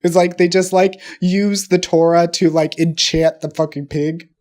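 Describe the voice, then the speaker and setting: A man co-hosting a comedy podcast, rambling and halting through improvised bits with profanity and constant restarts. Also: on the high side, fairly even intonation, a little mellow. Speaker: podcast co-host.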